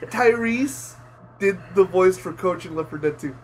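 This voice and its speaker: A man co-hosting a casual chat show, talking in a profane, animated way. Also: sits high, a little slow, background noise. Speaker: show co-host.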